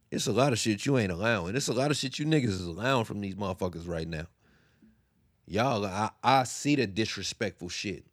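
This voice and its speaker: A young man holds forth on his podcast from a home basement, candid and heavy with profanity. His voice sits fairly low and he sounds close and dry, with no room around him. He preaches in waves, sinking quiet and then rising into loud bursts. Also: no echo. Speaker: podcast host. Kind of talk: candid monologue.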